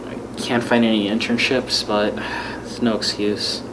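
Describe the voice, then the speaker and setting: A man's voice: lowish voice, level tone, moderate pace, natural voice. A young man playing a frustrated young gamer. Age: young adult. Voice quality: earnest, frustrated, apologetic. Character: young male gamer, stressed game runner. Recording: echoey room, noisy, far mic.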